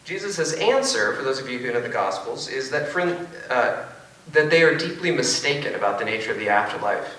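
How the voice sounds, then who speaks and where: Bright-voiced man lecturing in an echoey hall. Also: mid-range voice, animated, a little fast. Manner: wry, joking, with frequent asides. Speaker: philosophy professor. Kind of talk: lecture-style debate talk. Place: large auditorium. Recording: echoey auditorium from far off.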